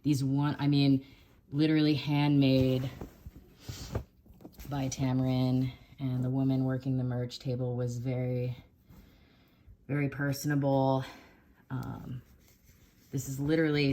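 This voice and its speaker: Woman, very low pitch, dark mellow tone, soft-spoken rambling vlog talk, self-correcting. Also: level tone, measured pace, long pauses, a little hiss or hum. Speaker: music vlogger and musician. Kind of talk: casual video review. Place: dim room at home.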